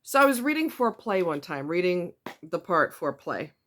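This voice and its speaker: A woman from the northeastern United States, talking casually to camera as a self-help vlogger, chatty and quick to laugh, repeating words for emphasis. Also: fairly low pitch, very animated, fairly bright tone, slight background noise.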